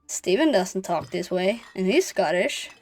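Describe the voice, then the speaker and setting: A woman's voice: mid-range voice, expressive, a little slow, darkish tone, faint music behind. A woman streaming a game, chatting casually and thinking aloud with an amused tone. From Norway. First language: Norwegian.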